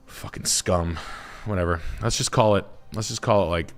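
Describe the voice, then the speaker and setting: A realtor who hosts a live stream tells casual stories in a low voice at normal speed, rambling, cursing and trailing off while he hunts for words. There is slight background noise.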